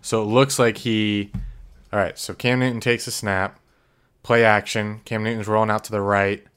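A man co-hosting a casual chat, animated and quick to react, describing a play he watches. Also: fairly low pitch, clear, resonant tone. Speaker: podcast co-host.

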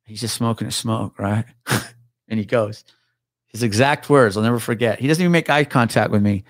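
A low-pitched man, a retired police officer, spins a story as a podcast guest, cursing casually and chuckling along the way. The sound is close and dry. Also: moderate pace, no room sound. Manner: swears freely, laughs through his story.

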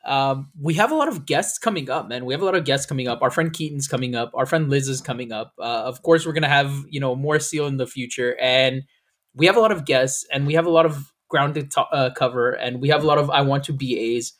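Fast-talking man on a podcast. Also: mid-range voice, fairly bright tone. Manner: fast-talking, swears, laughs often. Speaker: podcast co-host. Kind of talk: casual podcast chat.

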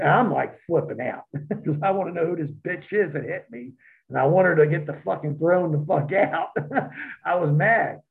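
A man, a wrestler, telling profane, animated stories as an interview guest over a phone line. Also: on the high side, vocal fry. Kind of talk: storytelling in an interview.

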